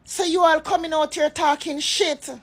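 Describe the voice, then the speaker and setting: A woman's voice: sits high, flat delivery, normal speed. A woman from Jamaica with a Jamaican accent that slides into patois, giving an impassioned, emphatic rant that scolds her critics. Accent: Jamaican, shifting into patois. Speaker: vlogger. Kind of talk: political rant to followers.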